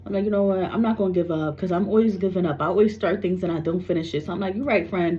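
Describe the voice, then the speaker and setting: A woman's voice: lowish voice, fast talker, few pauses, dark tone, lo-fi sound. A psychic medium, a woman from New York, animatedly tells a personal story to camera and swears freely.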